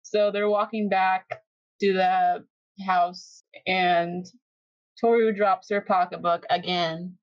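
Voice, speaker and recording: A woman's voice: fairly low pitch, little pitch movement, slow pace, dry recording, lo-fi sound. A young woman co-hosting a podcast, chatting casually as she recaps an anime and acts out the characters' lines, laughing often. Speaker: podcast co-host.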